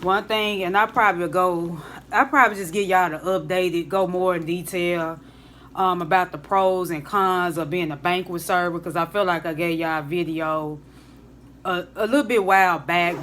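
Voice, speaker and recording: A young woman talks to camera from her home in a low, easy voice. She rambles in a relaxed way, circling back and restarting her sentences. A faint background hiss sits under the recording. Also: normal speed. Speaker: vlogger, hotel banquet server. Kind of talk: casual chat to camera. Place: at home, indoors.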